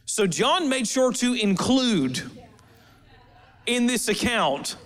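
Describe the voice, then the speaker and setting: A man's voice: extremely high pitch, sing-song, slow, a bit bright. A man preaching a sermon as pastor, in a humorous, conversational way with asides to the congregation.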